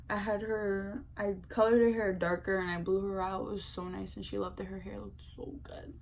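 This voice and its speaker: A young woman chatting excitedly as a beauty vlogger while doing her makeup, full of slang and filler words. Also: medium pitch, vocal fry.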